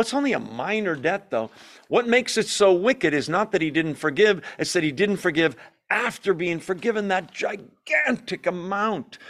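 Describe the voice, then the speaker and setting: Man, Bible study teacher, fairly high voice, emphatic, asks the group questions. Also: fairly bright tone. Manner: self-deprecating asides.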